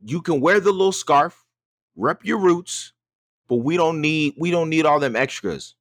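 A man co-hosting a podcast in casual chat, ranting in an animated, exasperated way with many restarts. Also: fairly high pitch, unhurried, no room sound, clean studio sound. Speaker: podcast co-host.

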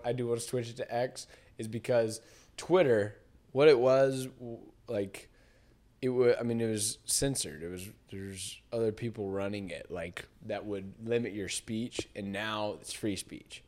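A man hosting a podcast, chatting in a rambling way, often trailing off and laughing. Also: on the low side. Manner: rambling, laughs often, says dude and I don't know. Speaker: podcast host. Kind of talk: casual chat.

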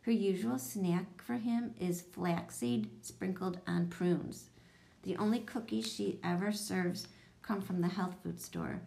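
A woman narrating a children's chapter book in a steady, even storytelling voice. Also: mid-range voice, slow, gravelly. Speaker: audiobook reader.

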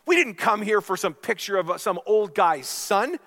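A man voicing an irate, greedy male art bidder who shouts his complaints. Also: high-pitched, big pitch swings, normal speed, in a large hall, voice pushed up, full character voice. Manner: shouting, indignant.

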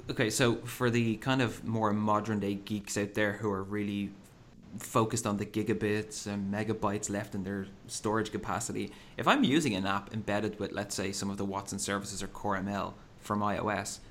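A man's voice: lowish voice, fairly even intonation, moderate pace, slight background noise. A man hosting a conversation, asking questions and often tagging them with "right?". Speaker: host. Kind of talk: conversational interviewing.

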